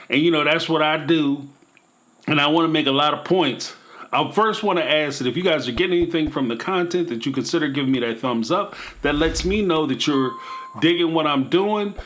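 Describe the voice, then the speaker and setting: A man hosts his own commentary channel and talks straight to his viewers with a slightly raised pitch. He lectures with preachy emphasis, then slips into playful, chuckling asides. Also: fairly bright tone. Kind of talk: casual commentary vlog.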